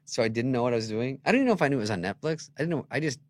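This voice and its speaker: A middle-aged man in casual podcast chat, an animated storyteller who acts out quotes in loud, exaggerated voices. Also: mid-range voice, racing, no echo.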